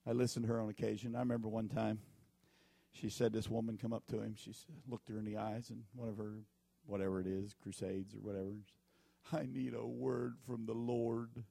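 A man's voice: fairly low pitch, flat delivery, fast, vocal fry, warm tone, no echo. A man preaching a sermon as pastor, telling folksy stories and repeating his warnings with emphasis.

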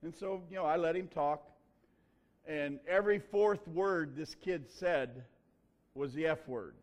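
A pastor preaching a sermon in a folksy, conversational way, telling a personal story. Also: male voice, a little high, measured pace.

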